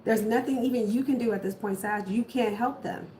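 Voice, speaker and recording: A woman's voice: a little high, fairly quick, mellow. A woman giving a casual tarot reading, repeating firm, emphatic warnings. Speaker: tarot reader. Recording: echoey room, faint background noise.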